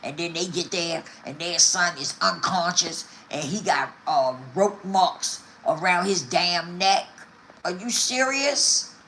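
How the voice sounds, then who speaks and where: A woman's voice: lowish voice, unhurried, hardly any pauses, fairly bright tone, slight background noise. An older woman talking casually to her viewers, emphatic and repetitive. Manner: emphatic, repeats herself, talks straight to viewers. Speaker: vlogger.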